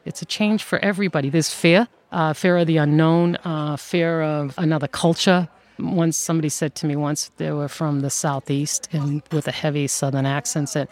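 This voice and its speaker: A woman who runs an outsourcing firm, telling stories in an interview in a lively way and laughing often. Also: sits low, normal speed. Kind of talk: conversational interview storytelling.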